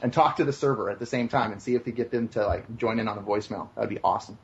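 Low-voiced rambling man. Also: very fast, creaky, a little hiss or hum. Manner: rambling, many restarts, jokey. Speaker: podcast co-host. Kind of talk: casual chat. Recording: dull lo-fi podcast audio.

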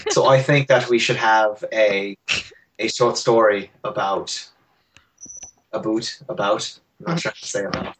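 A man's voice: fairly low pitch, fairly even intonation, measured pace, fairly bright tone, a little hiss or hum, low-quality recording. A man co-hosting a fan podcast in casual chat, teasing and joking with his co-hosts. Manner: jokey, teasing, puts on silly bits. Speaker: podcast co-host.

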